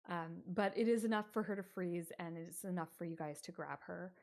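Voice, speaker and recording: A woman's voice: lowish voice, a little fast. Woman game master, chatty narration. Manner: relaxed, chatty narration with fillers.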